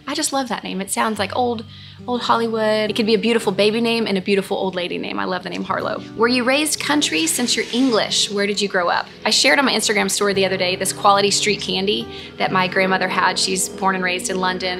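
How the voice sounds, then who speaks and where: Hosting a relaxed question-and-answer session, a Texan woman in her thirties speaks earnestly and gushes, often repeating herself. Her medium-pitched voice has a gravelly edge, and music plays clearly behind her.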